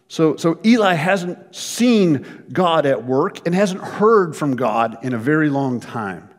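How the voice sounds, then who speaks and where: A man preaching a sermon as pastor, telling stories in an animated way with frequent repeated words. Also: mid-range voice. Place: church. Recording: long reverb of a church hall.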